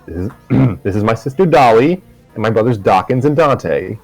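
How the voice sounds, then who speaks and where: A man's voice: lowish voice, expressive, moderate pace, creaky, a little mellow, no room sound, soft background music. A man voicing a kind, courteous male Dalmatian who is the older brother of a big family. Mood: polite.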